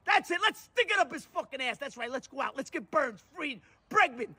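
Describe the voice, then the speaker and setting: A man in a played clip ranting furiously at a ballplayer, shouting and cursing bitterly. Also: extremely high pitch, very animated, fairly quick. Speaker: angry sports fan in a clip. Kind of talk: furious rant.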